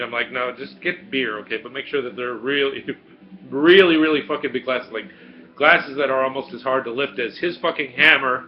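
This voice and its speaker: Profane, animated man in his forties. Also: medium pitch, brisk, muffled recording. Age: 40s. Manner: profane and animated, laughs often. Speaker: video Q&A host. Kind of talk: casual storytelling, answering viewer questions.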